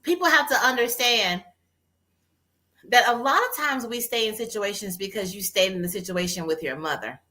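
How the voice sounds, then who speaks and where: A woman therapist co-hosting a casual talk on a video call, telling stories in an animated way and acting out what people said. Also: medium pitch, moderate pace. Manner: animated storytelling, acts out quotes. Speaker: therapist and co-host. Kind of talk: casual conversation.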